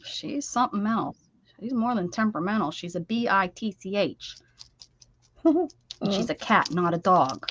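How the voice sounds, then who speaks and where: A woman's voice: mid-range voice, animated, normal speed, a bit bright, lo-fi sound. An American woman hosting a craft livestream, chatting casually and teasing while she works, with frequent laughs.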